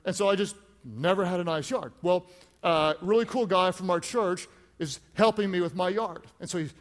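A man delivers a lively sermon, his voice sitting high for a man. He pushes hard on key points and calls out to the congregation. Long reverb from a large church hall trails every phrase. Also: normal speed. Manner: animated, rises to shouts for emphasis, calls on the congregation. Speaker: pastor.

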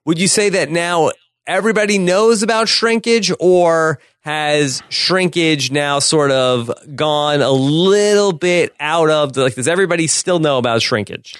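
A man co-hosting a podcast, casually retelling a sitcom episode scene by scene with quick laughs. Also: a little high, fairly bright tone, smooth, no echo. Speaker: podcast co-host.

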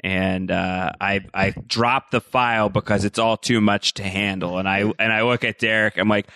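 A man's voice: lowish voice, fairly even intonation, normal speed, pushed and bright, clear, resonant tone, dry recording, studio quality. A man playing a tabletop game, joking around as he speaks for his character. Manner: jokey, playful. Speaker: player. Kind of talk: casual tabletop play.

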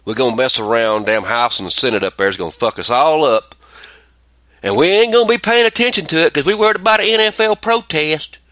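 A man's voice: fairly high pitch, a little fast, no echo. A man hosting a casual podcast chat, ranting and telling stories with plenty of swearing. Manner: profane, ranting, animated storytelling. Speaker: podcast host.

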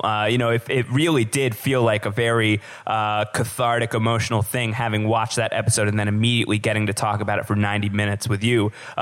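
A man's voice: medium pitch, fairly bright tone. A man co-hosting a podcast, talking casually in a rambling way with many fillers and restarts. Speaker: podcast co-host.

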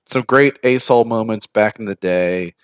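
A man's voice: lowish voice, a little slow, smooth. A man hosting a casual, crude chat, dry and teasing.

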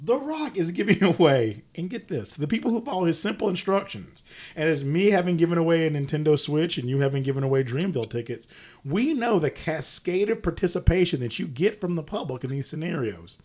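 Young male podcast co-host, a bit higher-pitched, full of lively mock disbelief, with profanity and laughs breaking into his lines. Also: brisk. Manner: animated, mock-incredulous, swears, laughs mid-sentence. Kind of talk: comedic podcast banter.

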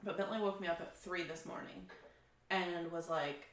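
A woman's voice: lowish voice, steady tone, moderate pace. A woman co-hosting a casual chat podcast, telling stories in a loose, swearing, laughing manner. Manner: storytelling, swearing freely, laughing. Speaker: podcast co-host. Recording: roomy echo.

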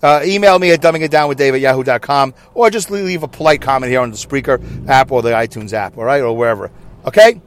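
A man's voice: mid-range voice, fast, a little hiss or hum. A man hosting a casual solo podcast from his parked car, rambling and poking fun at himself. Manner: rambling, self-mocking, chatty. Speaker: podcast host.

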